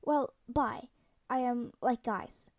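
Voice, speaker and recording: A woman's voice: fairly high pitch, takes it slowly, no room sound, clean studio sound, recorded from a distance. A woman reading the lines of a sulky, embarrassed teenage boy in a story read aloud. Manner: mumbling, sulky.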